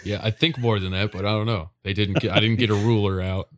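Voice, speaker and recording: A man co-hosting a podcast in casual chat, tossing off jokes and deadpan asides. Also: on the low side, quick pace, dry recording, clean studio sound. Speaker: podcast co-host.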